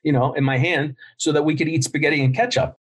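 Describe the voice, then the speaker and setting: A man's voice: fairly high pitch, fairly even intonation, fast, fairly bright tone. A middle-aged man, a podcast guest and business founder, telling stories bluntly in casual interview talk and swearing freely.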